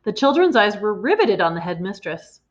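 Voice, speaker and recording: Woman, storybook read-aloud, expressive, animated pitch, muffled recording. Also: normal speed. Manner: expressive, lively reading. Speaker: reader.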